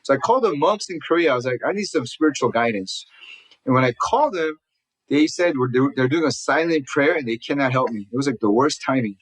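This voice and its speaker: Interviewed in conversation, a man from Southern California hurries through his life story in an expressive middle-range voice. He earnestly stumbles into restarts and takes on the voices of people he quotes. The recording quality is low.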